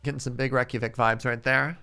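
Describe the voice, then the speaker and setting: A man's voice: medium pitch, fairly even intonation, brisk, creaky, sharp tone, clear, resonant tone, soft background music. A Canadian man chatting casually and joking around while streaming a game. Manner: playful, joking, exclamatory. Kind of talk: casual gameplay chat.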